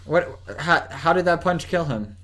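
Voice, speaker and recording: A man's voice: on the high side, animated, a little slow, fairly bright tone. A young man co-hosting a casual comedy podcast, often cutting in with repeated questions. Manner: interrupting, repeats "wait". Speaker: podcast co-host. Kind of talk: casual joking chat.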